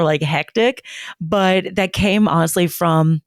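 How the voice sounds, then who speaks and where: A woman's voice: fairly low pitch, slow pace, no echo, studio quality. Long-winded, candid woman podcast co-host. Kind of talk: casual chat.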